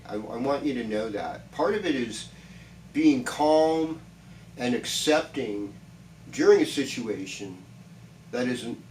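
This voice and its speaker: A man's voice: mid-range voice, roomy sound, recorded from a distance, slight background noise, low-quality recording. A man giving a chatty, reassuring weekly horoscope talk, rambling with many restarts. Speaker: astrologer.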